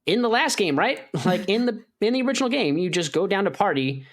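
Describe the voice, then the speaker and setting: A high voice with big pitch swings belongs to a man co-hosting a gaming podcast; he talks a little fast and sounds a bit bright. Chatting casually, he rambles with many "like"s and performs his reactions loudly.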